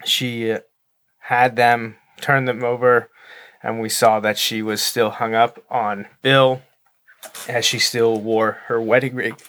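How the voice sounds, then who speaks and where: A man co-hosting a casual podcast. He speaks with careful, deliberate enunciation and a dry, self-deprecating humor. His pitch sits in a middle register. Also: flat delivery, a bit bright. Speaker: podcast co-host. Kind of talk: casual chat.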